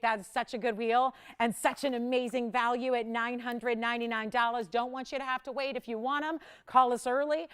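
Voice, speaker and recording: A woman hosting a live jewelry shopping broadcast, pitching pieces in a rapid, upbeat sales patter. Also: fairly bright tone, clear, resonant tone. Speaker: shopping channel host.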